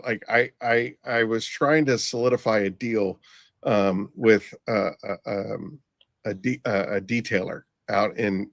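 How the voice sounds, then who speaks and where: A man hosting a podcast, casually telling a rambling anecdote with halting restarts and free swearing. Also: lowish voice, no room sound. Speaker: podcast host. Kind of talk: casual storytelling chat.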